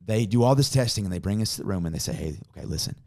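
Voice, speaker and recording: A pastor tells a personal story in an earnest, conversational way. His voice sits low, and it drops to a hush when the story turns tender. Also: expressive, racing. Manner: earnest storytelling, softening to a hush in emotional moments.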